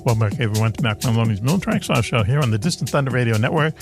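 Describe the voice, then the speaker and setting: A man hosting a radio talk show, chatting casually with his panel in a joking, laid-back way full of fillers and quick laughs. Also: mid-range voice, lively intonation, over loud music.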